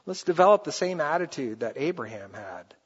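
Male preacher, animated delivery, rather high voice; dull recording in a reverberant church. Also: brisk, husky. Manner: animated, rises high and loud for acted quotes, drops soft for scripture. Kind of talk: sermon. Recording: dull sound with long hall reverb.

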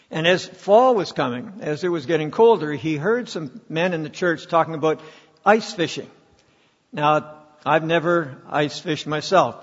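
A man preaching a sermon as pastor, telling stories and leading the congregation in reading aloud. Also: fairly high pitch. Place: church sanctuary. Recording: dull, lo-fi sound with long hall reverb.

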